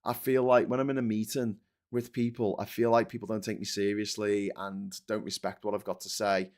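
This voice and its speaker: A man's voice: on the low side, little pitch movement, brisk, a little mellow. A man with a Liverpool accent hosting a live-stream political chat, ranting with stammering restarts and swearing. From England. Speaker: livestream host.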